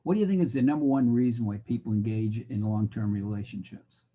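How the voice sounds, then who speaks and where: A man's voice: lowish voice, fairly quick, warm tone, muffled recording. A middle-aged man lecturing a college class in a wry, joking way. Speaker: college instructor. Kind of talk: recorded lecture.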